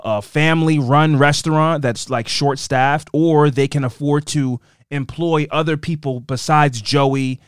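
A man hosting a podcast in casual chat, rambling and animated as he interrupts himself. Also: medium pitch, smooth, no room sound, clean studio sound. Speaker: podcast host.

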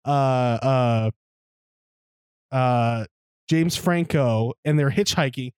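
A man's voice: mid-range voice, very slow, darkish tone, clear, resonant tone, no echo, studio quality. A young man co-hosting a podcast, telling stories in a rambling, profane way and laughing along as he talks. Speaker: podcast co-host. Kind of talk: casual chat.

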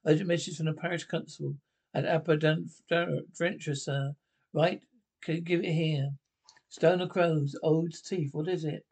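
Gravelly guy, kinda high voice, fussy flustered lines in an old seventies costume comedy. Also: steady tone, normal speed, darkish tone. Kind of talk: 1970s film comedy acting.

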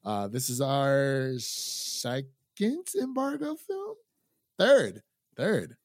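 A man's voice: mid-range voice, wildly swooping pitch, slow pace, no echo, clean studio sound. A young man from Ohio hosts a casual podcast, chatty and laughing often, with frequent fillers. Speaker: podcast host.

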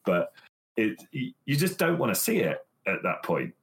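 A man in his thirties, a gamer dad and podcast co-host, telling stories in lively, profane casual chat and acting out quotes in a higher voice. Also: normal speed, creaky. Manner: animated storytelling, swears a lot, acts out quotes in a higher voice.

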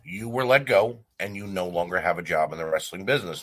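Blunt, low-voiced wrestling show host. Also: male voice, lively intonation, brisk, a bit bright. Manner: blunt, heated ranting with frequent fillers. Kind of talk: opinionated commentary rant.

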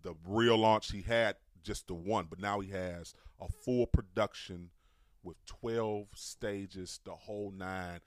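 A man's voice: lowish voice, takes it slowly, no room sound, clean studio sound. A man hosting a faith-focused hip hop radio show, chatting casually and laughing often with his co-host. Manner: laughs often, relaxed banter.

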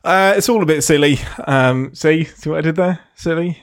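A man's voice: on the high side, moderate pace. A man who is a guest on a movie podcast, chatting casually with a wry, teasing manner. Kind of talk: casual movie review chat.

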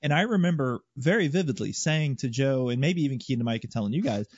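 A man's voice: mid-range voice, lively intonation, fast, husky, no room sound. Mid-voiced guy explaining what happened on a flight, kinda stammery, dry dull audio. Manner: careful recall, explains with stammered restarts. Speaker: former Apache pilot. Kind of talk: casual storytelling in a group interview.

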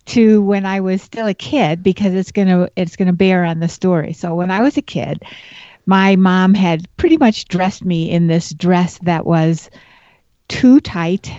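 A woman from Buffalo, a podcast guest on a call, telling her story in a measured, reflective way. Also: lowish voice, mellow, dry recording, dull audio. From Buffalo, New York. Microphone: remote call.

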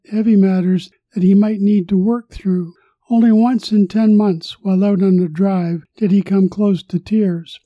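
An older man hosting a podcast about retirement, reading a scripted personal story in a measured, formal way. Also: sits high, no room sound, lo-fi sound.

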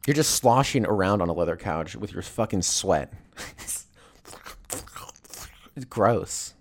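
Rambling, profane man with lowish voice. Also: takes it slowly. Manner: rambling, profane, animated storytelling. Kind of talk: casual comedic rant.

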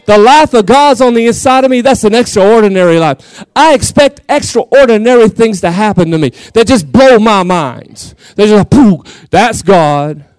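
A middle-aged man with a Southern accent preaching a lively Pentecostal sermon in church, shouting some lines and drawling others for the congregation. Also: high-pitched, normal speed, clear, resonant tone, dry recording. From Texas. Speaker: guest pastor.

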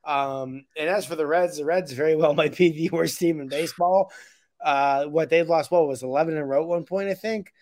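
A man's voice: a little high, a little fast, darkish tone. Blunt, opinionated man talking baseball. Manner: opinionated, blunt, rambling with restarts. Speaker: podcast co-host. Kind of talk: casual sports chat.

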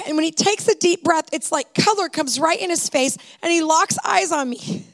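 A middle-aged woman tells a personal story from a stage, her voice high and edged with a gravelly fry. She retells the scene with heartfelt drama, slipping into quoted dialogue. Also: normal speed. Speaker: speaker telling a personal story to an audience. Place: stage before a live audience.

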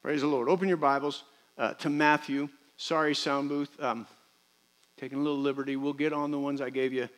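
A middle-aged man preaching a sermon as pastor in a church. He moves between quiet, close talk and loud, impassioned preaching, acting out the voices of people and of God. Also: medium pitch, level tone, a little fast. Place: church sanctuary.

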